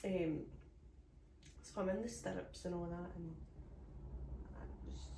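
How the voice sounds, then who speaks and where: A woman's voice: on the low side, takes it slowly, gravelly. A Scottish woman tells a story on a comedy podcast, acting out everyone's lines as she goes. She is recorded on a phone set away from her, so her voice sounds echoey and distant. A faint hiss of room noise sits underneath. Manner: acts out quoted voices, animated. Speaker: podcast co-host.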